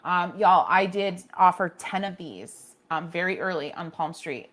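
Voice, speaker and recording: A woman's voice: fairly low pitch, unhurried, a bit bright. A woman hosting a casual painting livestream, chatting with viewers and reacting to their comments, often restarting her sentences.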